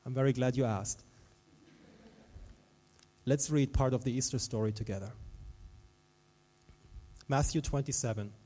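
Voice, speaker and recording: A man preaching a sermon as a pastor, animated, dropping to a hush and then rising to loud, emphatic lines. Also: medium pitch, measured pace, long pauses, big-room sound. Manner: animated, swings from hushed to loud.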